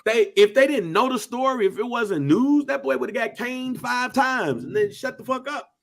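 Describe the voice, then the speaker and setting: A man with an American accent chatting casually on a podcast, slangy and animated, acting out quotes in voices. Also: very high-pitched, moderate pace, creaky. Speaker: podcast co-host.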